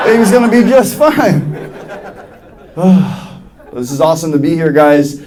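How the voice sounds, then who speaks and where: A man's voice: a little high, measured pace, pauses often, a crowd in the background. A young man from New York doing a stand-up comedy routine on a club stage, acting out other people's voices as he tells his jokes. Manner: animated, acts out voices of others. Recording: live club with audience laughter. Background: audience laughing.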